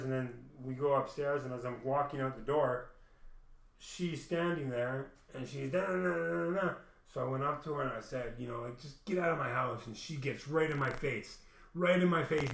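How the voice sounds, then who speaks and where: A man's voice: mid-range voice, moderate pace, gravelly, a bit bright, reverberant. A man rambling through a personal story to his camera at home, swearing heavily and restarting often. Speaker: vlogger. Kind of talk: emotional personal monologue. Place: room at home.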